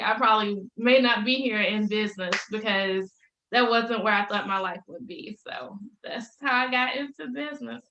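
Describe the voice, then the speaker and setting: A woman's voice: on the high side, normal speed, gravelly, pushed and bright, highs cut off, a little hiss or hum. A woman in her thirties, a business coach talking as a podcast guest, upbeat and laughing often as she tells stories. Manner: upbeat, laughs often, faith-filled storytelling. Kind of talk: casual interview chat. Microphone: video call. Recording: roomy echo.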